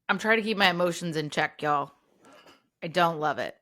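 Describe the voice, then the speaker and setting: A woman, co-hosting a podcast in casual, animated chat and often saying "y'all". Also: on the low side. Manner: chatty, animated, says "y'all". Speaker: podcast co-host.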